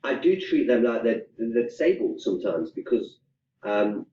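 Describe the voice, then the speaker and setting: A man's voice: on the low side, very animated, moderate pace, slight background noise. A male student asking a hesitant, rambling question in class. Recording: roomy, distant, lo-fi classroom mic.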